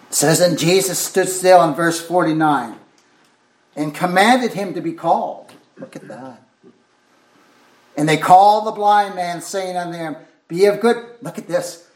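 A man's voice: a little high, normal speed, echoey room. A man preaching a sermon with fervor, repeating phrases and exclaiming "oh my" as he goes.

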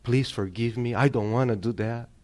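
A man voicing a remorseful mother in a sermon story, speaking softly and pleading with her family for forgiveness. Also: medium pitch, steady tone, normal speed, lightly acted. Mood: pleading, contrite. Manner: soft, pleading, contrite.

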